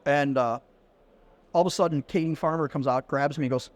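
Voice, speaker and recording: Speaking a little high and a little fast, a middle-aged man shares a casual story as a guest on a podcast. He's a lively teller who voices each line of quoted dialogue, and the setting is a conference venue.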